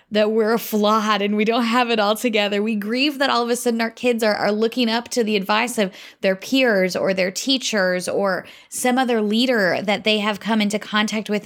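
A woman in her thirties speaks to fellow mothers in an earnest, conversational faith talk, often checking in with her listeners. Her voice sits fairly high for a woman. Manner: earnest, conversational, with tag questions. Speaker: Christian mom speaker.

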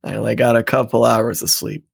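A man's voice: mid-range voice, little pitch movement, brisk, creaky, husky, no room sound, studio quality. Laid-back, storytelling podcast man. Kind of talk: casual podcast chat.

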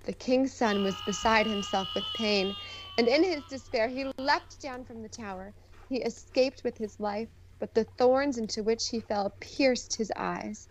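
A woman podcast co-host reading a fairy tale aloud and chatting, animated and teasing. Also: fairly high pitch, unhurried. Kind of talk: casual chat and storybook narration.

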